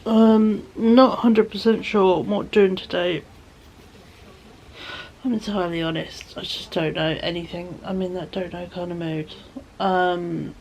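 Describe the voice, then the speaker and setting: A tired woman vlogging from home in a rambling, soft way that often drops to a whisper. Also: lowish voice, creaky, slight background noise. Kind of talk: casual chat to camera.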